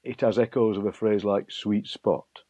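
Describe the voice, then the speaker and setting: A middle-aged man, a poet being interviewed, telling lively anecdotes and acting out voices he overheard. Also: on the low side, normal speed, husky, no room sound. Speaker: poet and broadcaster, guest. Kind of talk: interview storytelling. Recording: dull lo-fi dry sound.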